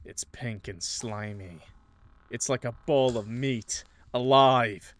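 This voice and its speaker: A man's voice: mid-range voice, slow pace. Man reading horror visual novel aloud. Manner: dramatic narration broken by casual joking asides. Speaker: gaming streamer.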